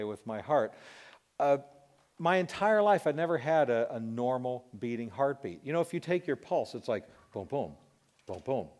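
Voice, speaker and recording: Man, fifties, talk show host, personal testimony, lively storyteller, acts out sounds, middle pitch. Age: 50s.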